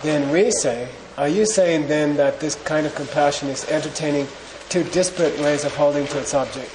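A man's voice: a little high, normal speed, darkish tone. Man teaching in an echoey room. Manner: casual, joking, leads group recitation. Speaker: Buddhist philosophy teacher. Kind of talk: classroom teaching. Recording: echoey room with background noise.

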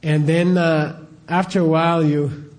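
Middle-aged male teacher, slightly high mellow voice, casual conversational delivery, peppers his talk with rhetorical questions. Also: level tone, a little slow. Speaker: spiritual teacher.

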